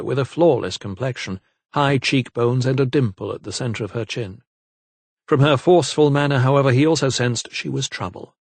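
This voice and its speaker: Speaking at a medium pitch, a male narrator delivers scripted audiobook narration with an even, measured storytelling cadence. The close studio mic captures no room sound at all.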